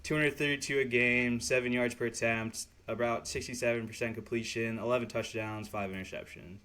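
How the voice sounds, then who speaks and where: A man co-hosting a sports podcast, chatting casually and excitably, swearing and laughing often. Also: medium pitch, brisk. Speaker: podcast co-host.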